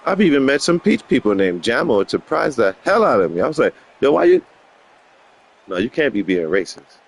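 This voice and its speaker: A man's voice: medium pitch, very animated, fast talker, breathy edge. A man giving casual gaming commentary, rambling and joking with frequent laughs. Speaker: gamer.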